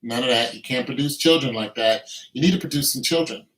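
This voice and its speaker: A man's voice: medium pitch, fairly quick, a bit bright. Blunt, preachy man in an echoey room. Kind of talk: casual rant with improvised singing.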